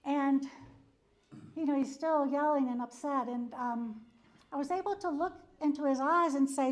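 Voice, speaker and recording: A woman psychologist with a high voice speaks at normal speed during a church wellness talk. She tells a personal story conversationally, saying "um" and "you know" often and chuckling a lot.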